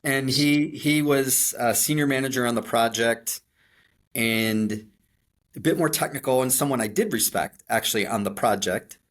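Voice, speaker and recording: A middle-aged man from Chicago with a Chicago accent, a podcast co-host telling stories in an animated, self-deprecating way with frequent restarts. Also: mid-range voice, normal speed. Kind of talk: conversational storytelling.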